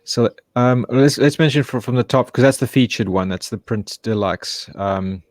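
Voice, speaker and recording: A man who makes comics, chatting as a guest in a halting way, with a voice he calls monotone. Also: mid-range voice, no echo, studio quality. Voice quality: self-described monotone voice. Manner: halting, searching for words. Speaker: comic book creator guest. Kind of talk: casual chat.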